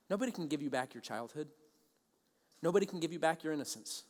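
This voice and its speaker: Guy pastor giving a sermon, higher voice, acts out convos, long reverb from a big church room. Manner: animated storytelling, acts out both sides of conversations. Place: large church auditorium.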